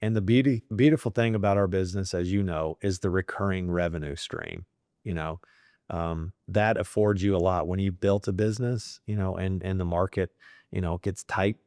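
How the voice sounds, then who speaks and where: Low-voiced middle-aged man, emotional. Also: steady tone, normal speed, dry recording, clean studio sound. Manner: warm, emotional, rambling with fillers. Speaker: company CEO. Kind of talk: sit-down interview.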